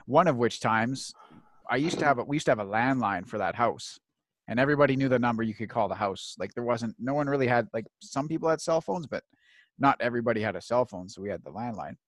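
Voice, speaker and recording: A man's voice: mid-range voice, lively intonation, quick pace, no room sound. A man in his thirties telling stories in casual chat, swearing freely and acting out the voices of people he quotes. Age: 30s.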